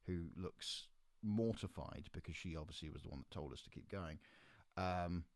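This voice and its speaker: Low-voiced man telling a story. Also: normal speed, no echo. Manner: animated teller, acts out quoted voices. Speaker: podcast host and musician. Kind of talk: casual anecdotal storytelling.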